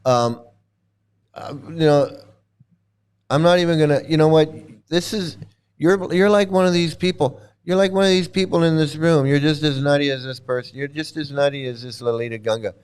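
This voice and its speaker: Blunt, mocking man with a high voice. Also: moderate pace, darkish tone, smooth. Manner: blunt, mocking, profane, repeats himself. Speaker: channel host commenting on a livestream. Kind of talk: casual reaction commentary.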